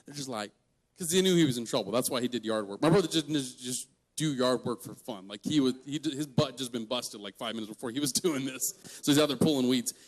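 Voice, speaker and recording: A man in his twenties giving a storytelling sermon to young people, animated and joking, laughing mid-story. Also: medium pitch, quick pace. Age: 20s. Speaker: guest youth speaker.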